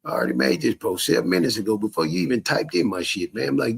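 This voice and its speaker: A man's voice: mid-range voice, big pitch swings, fast, creaky, husky. A man in a profane livestream rant, cursing heatedly and mocking his critics with bursts of laughter. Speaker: social media streamer.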